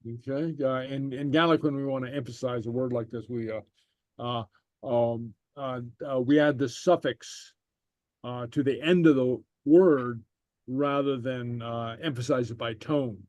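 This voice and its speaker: A man teaching a Gaelic class online, reading slowly and patiently with lots of fillers. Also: medium pitch, steady tone, darkish tone, no room sound. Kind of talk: online language lesson.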